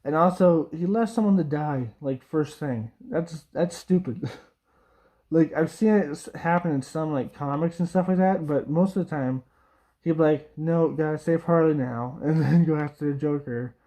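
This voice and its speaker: A man's voice: fairly high pitch, moderate pace, dark tone. A young man giving a casual, rambling review, with lots of fillers and little laughs. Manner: rambling, frequent fillers, laughs, mock quoting voices. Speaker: video reviewer.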